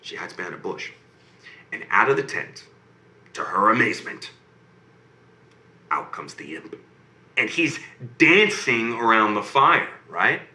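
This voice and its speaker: A man telling a bedtime fairy tale, his voice leaping high and low through every line and pausing often to check in with "okay?" and "right?". His tone is bright and piercing, and a roomy echo surrounds him. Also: lively intonation. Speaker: storyteller reading to a child. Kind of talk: bedtime story narration.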